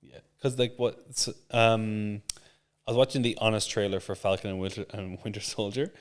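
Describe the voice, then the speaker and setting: A man's voice: fairly low pitch, level tone, normal speed, clean tone. A man co-hosting a gaming podcast, chatting casually with lots of enthusiasm and frequent swearing. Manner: enthusiastic, swears often, jumps between topics. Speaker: podcast co-host. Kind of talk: casual chat.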